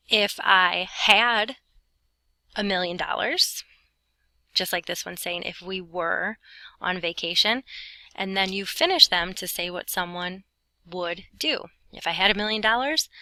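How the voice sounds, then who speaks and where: A woman's voice: medium pitch, sharp tone, no room sound, poor audio. A young adult woman giving a recorded Spanish lesson, explaining grammar in a chatty way with playful asides. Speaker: Spanish teacher. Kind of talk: recorded lesson narration over notes.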